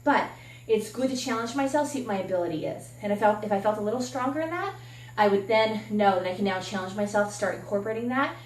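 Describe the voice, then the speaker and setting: A woman's voice: medium pitch, lively intonation, fast, recorded from a distance, slight background noise. A woman fitness coach talking candidly and encouragingly while demonstrating a workout, sometimes slightly out of breath. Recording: echoey room from off-mic.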